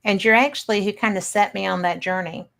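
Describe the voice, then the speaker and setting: Gravelly woman host in chat. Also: medium pitch, steady tone, a bit bright. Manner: chatty, reflective, quick to laugh. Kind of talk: casual chat.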